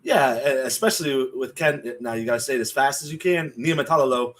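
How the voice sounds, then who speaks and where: A man's voice: mid-range voice, brisk, fairly bright tone. A man co-hosting a casual sports podcast, chatty and joking as he breaks down college football picks. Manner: chatty, laughs often, joking. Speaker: podcast co-host. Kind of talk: casual sports betting chat.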